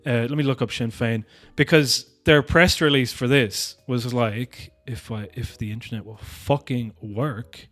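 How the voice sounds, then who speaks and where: Man, podcast host, casual chat, animated, swears freely, mocking tone, mid-pitched voice. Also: a little slow, hardly any pauses.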